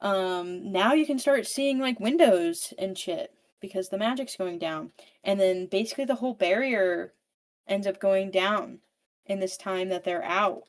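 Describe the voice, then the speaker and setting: A woman's voice: medium pitch, measured pace. A woman in casual podcast chat, retelling a novel's plot with frequent swearing and constant "like" fillers. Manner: swears freely, fills speech with "like"; animated storyteller, paraphrasing characters. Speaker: book podcast participant. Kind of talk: casual book recap chat.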